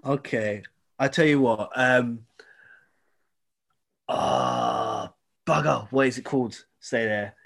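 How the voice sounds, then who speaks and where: An animated man talks with friends at a middle pitch. He bursts into loud exclamations and talks with his whole voice. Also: slow pace, gravelly, long pauses. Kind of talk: casual chat.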